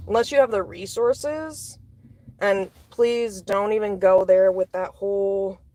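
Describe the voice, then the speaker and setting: A woman ranting into the camera, blunt and full of swearing. Her voice sits at an ordinary pitch for a woman. It is recorded dry and close, with no room sound. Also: unhurried, warm tone, dry recording. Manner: profane, blunt, heated. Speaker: commentator. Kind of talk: angry ranting monologue.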